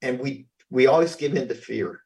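A man co-hosting a call-in radio show who rambles and halts over fillers. His voice sits in a middle pitch. He is heard a bit away from the microphone. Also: darkish tone, recorded from a distance. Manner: rambling, halting, many fillers. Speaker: radio co-host, parent.

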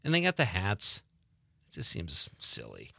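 A man's voice: low-pitched, unhurried, vocal fry, slight background noise. A man with a Wisconsin accent hosting a casual radio talk show, reading listener messages and telling jokey stories. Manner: animated, jokey storytelling.

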